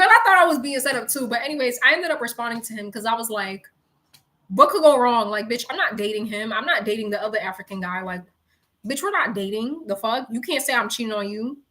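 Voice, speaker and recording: High, bright-voiced young woman from New York. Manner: animated, swears freely, slangy asides to "girl" and "y'all". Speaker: live-streaming storyteller. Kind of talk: casual storytime chat to viewers.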